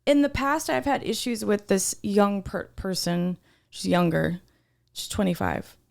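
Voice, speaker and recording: A woman's voice: medium pitch, unhurried, gravelly. A woman co-hosting a podcast, telling a workplace story in casual, heated talk, swearing often. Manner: swears a lot, heated and animated retelling. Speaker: podcast co-host.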